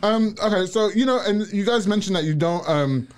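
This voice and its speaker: A man hosting a podcast in a casual interview chat, switching between English and Spanish mid-sentence, pausing to search for words and laughing often. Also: high voice, lively intonation, clear, resonant tone. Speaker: podcast host.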